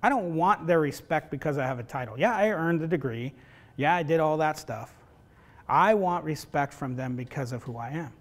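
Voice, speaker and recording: A middle-aged man lectures a roomful of facilitators. His voice sits high for a man, and he keeps checking in with "right?" while acting out little family scenes. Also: lively intonation, normal speed. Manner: conversational, keeps asking "right?", acts out family dialogue. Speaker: university professor teaching facilitators. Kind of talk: lecture with personal stories.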